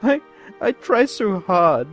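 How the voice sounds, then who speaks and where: A man's voice: medium pitch, very animated, measured pace, soft background music, voice pushed up. A man voicing a tall female pony princess who is drunk and wailing through her tears. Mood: drunken sobbing. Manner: wailing, weepy and self-pitying.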